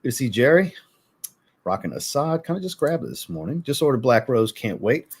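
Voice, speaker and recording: A man's voice: medium pitch, sing-song, a little fast, slightly rough. A man hosting a fragrance livestream, greeting viewers by name, then ranting bluntly and profanely before apologizing. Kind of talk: casual livestream chat reading viewer comments.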